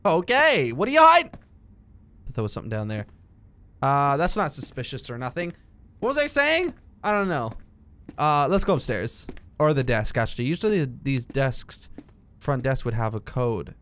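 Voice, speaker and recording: A man's voice: medium pitch, very animated, moderate pace. A young man giving jokey let's-play commentary, talking to himself and yelping at the game. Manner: jokey, talks to himself, bursts into yelps and shouts at the game. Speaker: gaming video creator.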